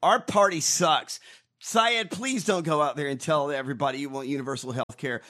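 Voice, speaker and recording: A man hosting a casual podcast, ranting with profanity and bursts of shouting. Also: a little high, moderate pace. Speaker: podcast host. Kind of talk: casual chat.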